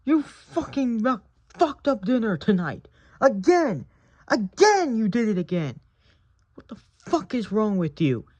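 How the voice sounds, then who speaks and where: A cursing, bullying husband, as a woman puts him on for a homemade toy-brick drama. He snarls in a raised, strained voice well above the performer's own. His words come out slow and deliberate. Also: a little high, very animated, darkish tone, dry recording, dull audio, pitched above the performer's own voice. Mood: furious. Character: abusive hot-tempered husband.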